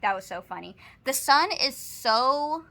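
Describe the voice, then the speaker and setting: A woman's voice: high voice, animated, measured pace, pushed and bright. A young woman with a Texan accent, casually chatting to camera about a shopping haul and telling stories in her apartment, with lots of "like" fillers. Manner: chatty, storytelling, says "like" often. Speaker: vlogger. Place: apartment, indoors.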